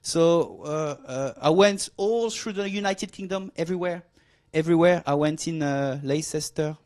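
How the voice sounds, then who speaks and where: Delivering a stand-up routine at a moderate pace, this French man in his forties has a fairly high, slightly mellow voice. He mocks the crowd with feigned arrogance, lingers on his punchlines, and seems to be having fun.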